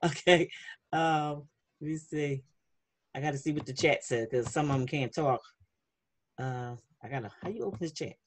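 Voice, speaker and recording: A woman's voice: low-pitched, normal speed, long pauses, husky. A woman leading a children's class over a video call, chatty and encouraging as she reads the chat aloud. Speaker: online youth class leader. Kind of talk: casual online class for kids.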